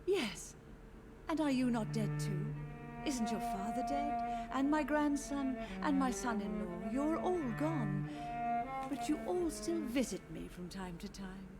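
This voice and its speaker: An actress voicing a frail, grieving old mother who drifts between memories and gently insists her dead still visit. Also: high-pitched, lively intonation, a little slow. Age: older. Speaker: game character. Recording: game voice acting over loud game music.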